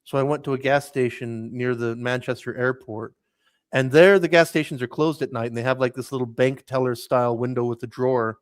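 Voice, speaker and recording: A man's voice: mid-range voice, fairly quick, no echo, studio quality. A man on a casual podcast, telling a rambling story with lots of restarts and "like"s. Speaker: podcast host. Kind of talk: casual chat.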